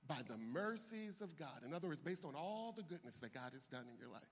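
An older man, a pastor, preaching a sermon with animated delivery that swings from soft asides to loud bursts. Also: fairly high pitch, fairly quick, hardly any pauses, slightly rough.

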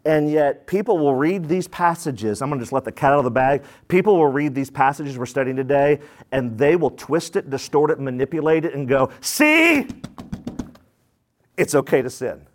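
A man preaching a sermon as pastor, animated, asking the congregation rhetorical questions and acting out quoted voices. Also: a little high, brisk, few pauses.

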